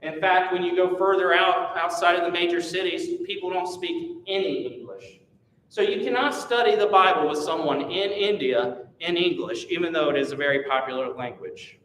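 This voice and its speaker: A man's voice: normal speed, fairly bright tone. A man who is a missionary gives a church class presentation, teaching in an earnest, emphatic way. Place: church meeting room. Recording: echoey church hall from far off, faint rumble.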